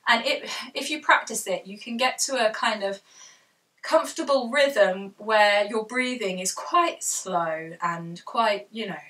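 A young woman with a southern English accent, chatting quickly and self-deprecatingly as she explains how she records her audiobook at home. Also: medium pitch, sharp tone, far from the mic, low-quality recording. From south of England. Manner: fast, chatty, self-deprecating, laughs often. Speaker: audiobook author giving tutorial. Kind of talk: casual how-to vlog. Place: home room with fabric fort.

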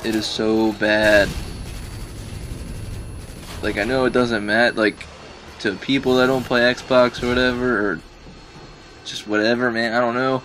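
A man's voice: medium pitch, little pitch movement, unhurried, long pauses, a bit bright, a little hiss or hum. A man giving casual gameplay commentary, venting his frustration in rambling, profane talk full of fillers. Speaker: gaming video uploader.

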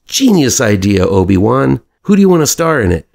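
A man's voice: medium pitch, very animated, fairly quick, creaky, a little mellow, voice pushed up. A man doing a chummy smarmy studio boss. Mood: chummy breezy. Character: jokey impression of a smarmy male studio boss on the phone.

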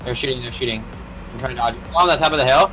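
A young man commenting on his own game, excitable and profane, yelling in panic and trash-talking other players. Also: medium pitch, racing. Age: young adult. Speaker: gamer streaming a battle royale match. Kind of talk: casual gameplay commentary. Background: background music.

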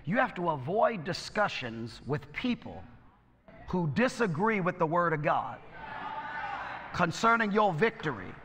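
A man's voice: high-pitched, sing-song, a little slow, big-room sound, background noise. A male pastor preaching a sermon, exhorting and calling out to his congregation. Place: church sanctuary.

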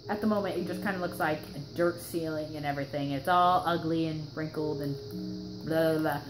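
A woman's voice: sits low, steady tone, brisk. A young woman hosting casual gameplay commentary, chatty and rambling with lots of fillers, her throat a little sore. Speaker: gaming channel host. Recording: roomy echo with background music.

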